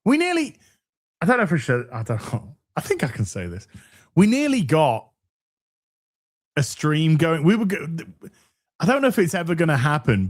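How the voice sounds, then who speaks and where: An English man co-hosting a podcast, reading out donations in a casual, sweary and jokey way. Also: a little high. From England.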